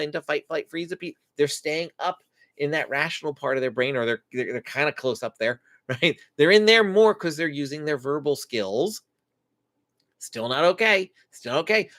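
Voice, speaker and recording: A man's voice: fairly high pitch, no room sound, clean studio sound. A middle-aged man hosting a live parenting Q&A, explaining in an earnest, conversational way. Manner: relaxed, conversational with fillers. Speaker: parenting show host. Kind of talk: live Q&A teaching talk.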